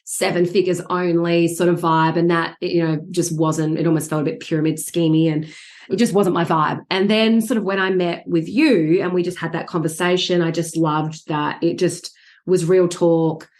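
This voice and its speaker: A woman's voice: lowish voice, little pitch movement, moderate pace, darkish tone. A woman guest on a podcast, chatting casually over a video call about her coaching journey, rambling and restarting with frequent laughs. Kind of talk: casual interview chat.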